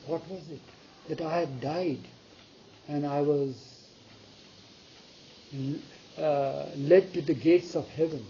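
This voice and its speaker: A man with a gravelly, very mellow voice tells a story to a gathered audience. He acts out the dialogue and turns to ask his listeners questions. The recording is dull and lo-fi, with a faint hiss underneath. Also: a little high, steady tone, slow, long pauses. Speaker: speaker retelling a spiritual story.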